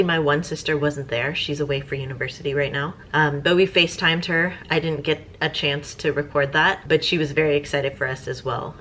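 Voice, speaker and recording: A woman, chatting casually and rambling as a vlogger, with soft music behind. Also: low-pitched. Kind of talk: casual chat.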